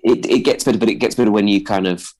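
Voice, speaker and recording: A man's voice: on the low side, fairly even intonation, fast talker, a little mellow, rough recording. A man in his thirties with a posh-sounding voice, a comedian guest in a radio interview, talking hesitantly with many restarts. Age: 30s. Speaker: stand-up comedian.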